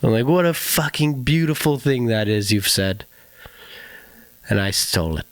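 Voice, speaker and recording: A man's voice: mid-range voice, animated, moderate pace, no echo. A male musician in casual podcast chat, talking animatedly, laughing often and swearing freely.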